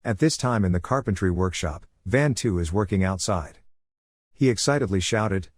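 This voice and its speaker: Guy narrating a recap, lowish voice, flat even read, dry close mic. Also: normal speed, no room sound.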